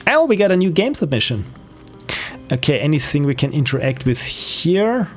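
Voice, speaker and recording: A man commenting casually on a live game stream, thinking aloud and musing over what he sees. His talk is relaxed and unscripted, dotted with fillers and restarts. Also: on the high side, normal speed, faint music behind.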